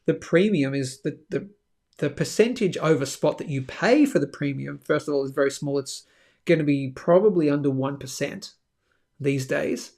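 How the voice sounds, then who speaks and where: A man hosts a live show in a relaxed, chatty way. He keeps checking in with the audience as he talks. His voice sits a little high and has a gravelly edge. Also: normal speed. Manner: chatty, animated, lots of "okay?" asides. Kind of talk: casual live-stream talk with sponsor reads.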